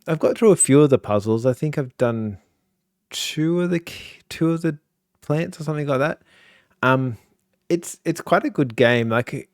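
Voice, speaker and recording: A man with an average-pitched voice, chatting as a podcast co-host. He rambles, restarts his sentences and jokes along, and the recording is close and dry. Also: no room sound. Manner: rambling with many restarts, joking. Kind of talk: casual chat.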